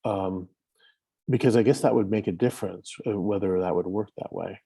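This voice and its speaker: A man in casual discussion on a video call, talking in a hesitant, halting way with many fillers. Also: low-pitched, creaky, warm tone, slightly rough. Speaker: roundtable participant.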